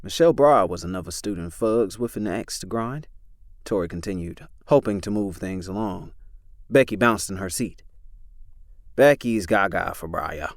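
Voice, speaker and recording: A man narrating an audiobook in a measured, dramatic reading. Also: lowish voice, no echo, clean studio sound. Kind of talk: scripted narration.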